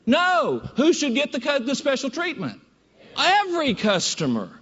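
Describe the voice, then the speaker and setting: A man giving a presentation, telling a story in an animated, emphatic way, in a dull echoey hall recording. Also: very high voice, moderate pace. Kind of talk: storytelling speech.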